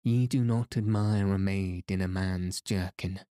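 A man's voice: deep voice, steady tone, a little slow, dark tone, no room sound, studio quality. A man reading the part of a small, bold young noblewoman who teases and coaxes in old-fashioned speech. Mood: teasing. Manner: playful, coaxing.

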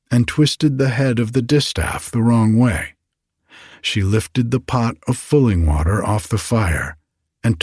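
A man reading a fairy tale aloud as a bedtime story, slow and expressive. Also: on the low side, slightly rough, no room sound, clean studio sound.

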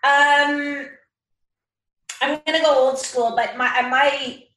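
A woman guest in a casual interview, an animated storyteller who laughs often. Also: high voice, slow pace. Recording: roomy echo.

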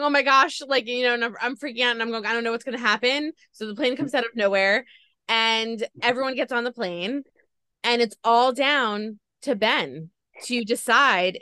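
Excitable high-voiced woman host. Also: clear, resonant tone, no room sound. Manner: gushing, excitable retelling. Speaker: podcast host. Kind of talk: casual interview chat.

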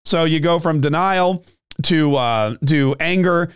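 A man's voice: a little high, slow, smooth, no room sound, studio quality. A man hosting his own political podcast, rambling with joking, self-mocking asides and frequent restarts. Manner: restarts and trails off often. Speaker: podcast host.

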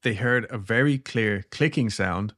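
A man's voice: on the low side, a little slow, a bit bright. A man co-hosting a podcast, casually retelling a story with jokes and laughter. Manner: joking, laid-back, trails into laughs. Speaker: podcast co-host.

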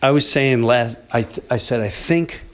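A middle-aged man hosts a podcast and rambles through a family story in loose, casual chat. His voice sits in an ordinary middle pitch. He keeps breaking into quick impressions of his kids and his wife. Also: slight background noise. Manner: rambling, animated storyteller who acts out quoted family members. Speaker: podcast host.

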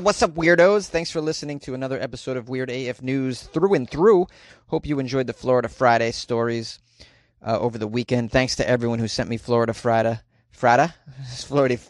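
A man's voice: medium pitch, dry recording. A man hosting a comedy news podcast, reading odd stories with wry, jokey asides. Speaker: podcast host.

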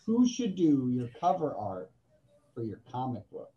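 A man's voice: medium pitch, very animated, a little slow, warm tone, dull audio. A man co-hosting a podcast in a teasing, playful way. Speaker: podcast co-host. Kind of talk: casual chat.

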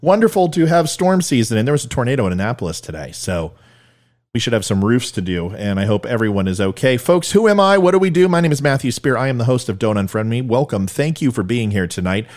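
A man hosting his own podcast, talking solo in a joking, sarcastic way with quick asides. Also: mid-range voice, lively intonation, a little mellow. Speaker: podcast host. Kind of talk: solo comedic podcast monologue.

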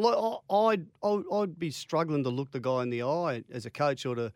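A man's voice: fairly high pitch, steady tone, moderate pace, no room sound, clean studio sound. A man with an Australian accent co-hosting a sports radio show, chatting and joking. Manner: jokey, banters with his co-host. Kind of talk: casual chat. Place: radio studio.

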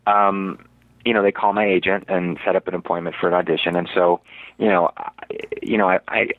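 A man's voice: deep voice, steady tone, fairly quick, no echo. A male actor telling a story as an interview guest, rambling with many fillers and restarts. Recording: dry, tinny, phone-like radio audio.

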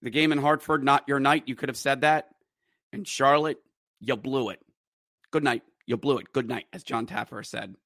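Excitable hockey fan podcaster, bright voice. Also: male voice, mid-range voice, moderate pace, vocal fry, no room sound, studio quality. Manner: excitable, shouts and groans while calling plays, then bitter and sarcastic. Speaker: podcast host recapping hockey games. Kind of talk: fan podcast recap with play-by-play.

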